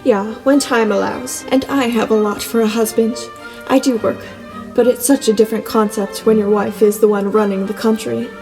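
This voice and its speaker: A woman's voice: fairly high pitch, fairly even intonation, normal speed, natural voice. A woman voicing an earnest young prince consort with a German accent, speaking in a friendly, open way. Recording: long reverb, soft music beneath.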